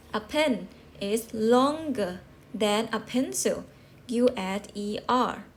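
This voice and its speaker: Slow, patient woman teaching English. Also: fairly high pitch, a little hiss or hum. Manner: patient, repeats and checks with rhetorical questions. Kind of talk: slow classroom explanation.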